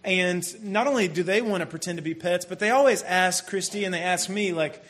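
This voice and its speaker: Guy in his 30s preaching, high voice, super casual, lots of asides and restarts. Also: fairly quick, fairly bright tone, a little hiss or hum. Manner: conversational and self-deprecating, many restarts and asides. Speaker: pastor. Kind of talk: casual storytelling sermon.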